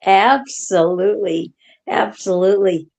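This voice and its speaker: A woman co-hosting a poetry show, chatting casually and giving praise with halting restarts. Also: medium pitch, gravelly, darkish tone. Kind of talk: casual chat.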